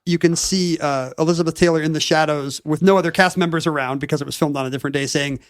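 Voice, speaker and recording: A man's voice: a little high, steady tone, fast talker, no echo. Dry-sounding man recapping a story. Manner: explanatory, with frequent "uh" and restarts. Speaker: podcast co-host. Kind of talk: casual chat, recapping a topic.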